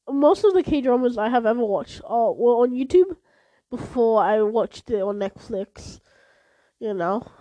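A woman's voice: fairly high pitch, mellow, no echo, rough recording. Chatty young woman, sick and congested. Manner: chatty, rambling, lots of "like" and "anyway". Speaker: vlogger. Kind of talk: casual chat to camera.

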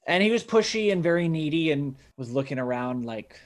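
A man's voice: fairly high pitch, brisk. A young man co-hosting a podcast, casually retelling a history story and acting out the people in it. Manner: relaxed, acts out voices in retellings. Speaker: podcast co-host.

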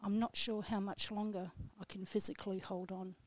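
The speaker is a guest poet in a radio studio, delivering her own poem slowly, solemnly and deliberately. Her mid-pitched voice stays flat, with very little rise and fall, in a close, dry recording.

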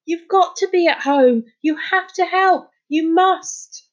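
A woman's voice: a little high, moderate pace, slightly rough. A woman voicing a young boy who turns bold and insistent as he begs for help, on a dull lo-fi recording. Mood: urgent. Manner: pleading, forceful.

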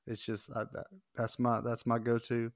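A man in his thirties, a podcast guest chatting casually, self-deprecating and quick to laugh. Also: mid-range voice, completely flat delivery, no echo. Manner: self-deprecating, laughs often, stumbles and restarts. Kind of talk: casual chat.

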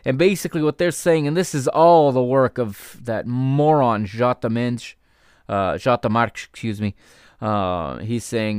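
A man's voice: medium pitch, normal speed, smooth, no echo. Dude going off on his podcast, heated and sweary, dry close mic. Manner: heated, ranting, swears, laughs in disbelief. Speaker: podcast host. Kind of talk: opinionated sports podcast rant.

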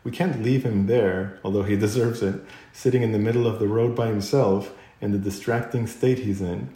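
A man's voice: on the low side, fairly even intonation, normal speed, dark tone, reverberant, close to an everyday voice. A man doing an anxious little mole. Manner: anxious, despairing. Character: anxious, gentle male mole.

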